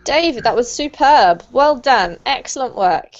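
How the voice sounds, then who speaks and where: Woman, high voice, encouraging teacher, dull video call audio. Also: expressive, measured pace, faint music behind. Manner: upbeat, encouraging, praises often. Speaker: English pronunciation teacher. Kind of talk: online group pronunciation lesson.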